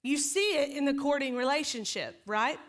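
Lady pastor preaching, chatty and funny, kinda high voice. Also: normal speed. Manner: lively, joking, self-deprecating storytelling. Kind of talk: conversational sermon.

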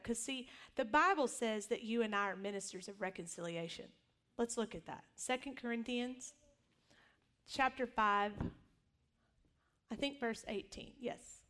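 A middle-aged woman pastor preaching in a relaxed, chatty way, her voice sitting a little high for a woman. She tells personal stories with humor and acts out what people said. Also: normal speed. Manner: conversational storytelling with humor and acted quotes. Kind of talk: sermon.

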